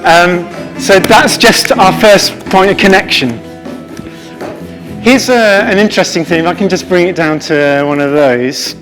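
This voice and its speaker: A man's voice: high-pitched, a little slow, fairly bright tone, soft background music, poor audio. A man leading a live rhythm workshop, encouraging the group and vocalizing drum patterns. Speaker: music workshop leader. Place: lecture hall with a live audience.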